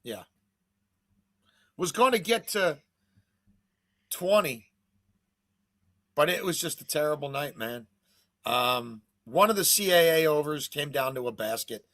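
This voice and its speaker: Bright-voiced man rambling as host. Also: a little high, expressive, unhurried, long pauses, dry recording. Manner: rambling, gloomy, profane. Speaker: betting show host. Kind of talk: casual chat.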